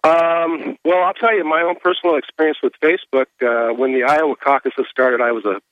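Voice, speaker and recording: A man's voice: fairly high pitch, fairly even intonation, a little fast, no room sound, phone-quality sound. Polite hesitant male radio caller, dry sound. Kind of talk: call-in conversation.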